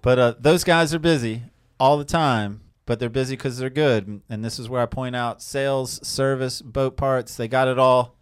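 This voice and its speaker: A man's voice: medium pitch, fairly even intonation, normal speed, hardly any pauses, clean tone, dry recording, clean studio sound. A man hosting a fishing podcast, talking casually and joking with his co-host before bringing in a guest.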